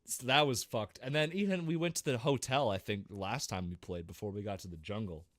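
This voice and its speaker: A man co-hosting a casual gaming podcast, telling stories in an animated way and swearing constantly. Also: fairly low pitch, fairly quick, no room sound, studio quality. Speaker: podcast co-host.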